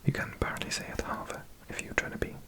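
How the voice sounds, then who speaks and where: A man hosting his channel in a whispered ASMR style, musing to himself and repeating practice words aloud. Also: fast. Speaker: channel host.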